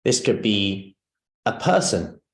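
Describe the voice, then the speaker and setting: A man's voice: fairly low pitch, sing-song, slow. A man leading a live seminar as a personal trainer, talking conversationally and often asking the audience questions.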